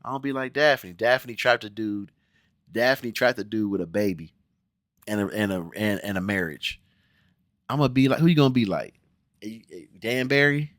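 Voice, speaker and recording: A man with a low voice and an American accent from around Cincinnati, giving a casual review of a TV show. He talks bluntly and with plenty of profanity, sounding exasperated, and puts on mock voices for the characters. The recording is dry, with no room sound. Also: moderate pace, fairly bright tone, no room sound. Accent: American, Cincinnati area. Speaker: TV review vlogger.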